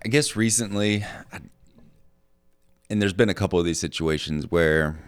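A man with a very deep voice who talks about his kids in relaxed chat. He speaks haltingly and often stops to find his words. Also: clear, resonant tone. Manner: hesitant, halting with fillers. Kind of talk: casual chat.

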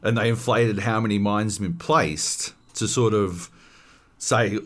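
A man hosting a podcast, chatting casually and swearing freely as he tells an animated story. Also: fairly low pitch, unhurried. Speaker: podcast host. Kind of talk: casual chat.

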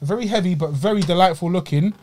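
Podcast host, male, Egyptian roots, lightly raised pitch, chatty and animated. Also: quick pace, a little hiss or hum. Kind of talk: casual chat, food review.

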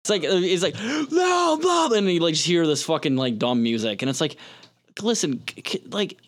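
A man's voice: fairly high pitch, animated, fairly quick. A man co-hosting a casual movie review podcast, swearing freely and talking over the others. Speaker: podcast co-host.

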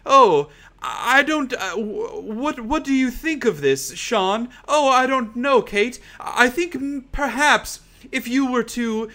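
A man's voice: very high-pitched, expressive, takes it slowly, bright, forceful tone, pitched above the performer's own voice, full character voice. A man voicing a pretentious young woman designer who speaks in long-winded, overly formal phrases. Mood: pompous.

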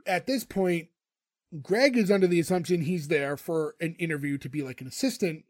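A man recaps a TV episode in casual podcast chat, his voice sitting high for a man. He tells the story animatedly and laughs often. The sound is dry and close. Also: brisk, a little mellow, no room sound.

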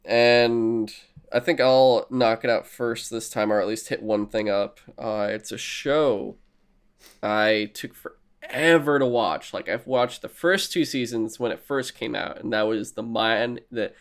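This podcast co-host rambles through a casual conversation about TV shows, swearing freely and acting out his own reactions in quoted voices. His voice is medium-pitched and clean, and he never hurries.

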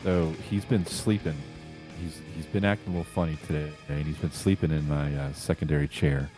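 A man's voice: extremely low pitch, fairly even intonation, a little fast, dark tone, soft background music. A man in a casual chat, telling a rambling, amused little story.

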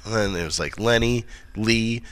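A man's voice: lowish voice, moderate pace, a bit bright, smooth. A man from Canada in casual chat, trading crude, teasing banter.

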